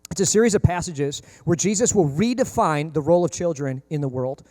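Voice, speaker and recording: A man preaching a sermon as pastor, animated and jokey, acting out characters in comic voices. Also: fairly high pitch, a little fast, no room sound, studio quality.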